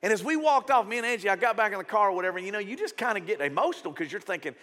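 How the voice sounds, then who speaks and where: A man's voice: sits high, very animated, racing, bright, forceful tone. A middle-aged man, preaching a sermon in a conversational, storytelling way with strong emphasis. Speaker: pastor. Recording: reverberant church hall.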